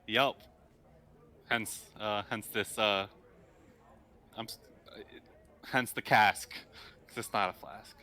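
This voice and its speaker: A man playing a tabletop game, laid-back and halting, often laughing. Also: lowish voice, fairly even intonation, pushed and bright. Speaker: player. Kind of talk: casual tabletop play, in character.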